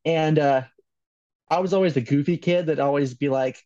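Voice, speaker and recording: A man's voice: a little high, moderate pace, mellow, no room sound, dull audio. A man from Los Angeles, a podcast guest, telling a story in a loose, joking way, laughing often and swearing. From Los Angeles, California. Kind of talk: casual storytelling.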